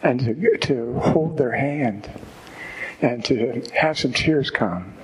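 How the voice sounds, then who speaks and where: A man's voice: medium pitch, slow pace, a little hiss or hum, poor audio. A man speaking to a group at a recovery meeting, giving a candid, reflective personal testimony with wry humor.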